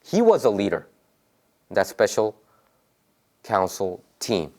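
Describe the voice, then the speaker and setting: A man's voice: lowish voice, huge pitch swings, slow pace, a little mellow. A man whose first language is Korean, giving a political commentary monologue in English with emphatic rhetorical questions and frequent repetition.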